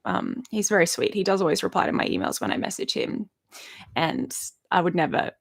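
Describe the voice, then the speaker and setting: A woman in her 30s from Australia talks casually to her live stream viewers from her bedroom, fielding their questions with lots of laughter and rambling. Her fairly low voice is very animated, a little fast, gravelly, and slightly rough.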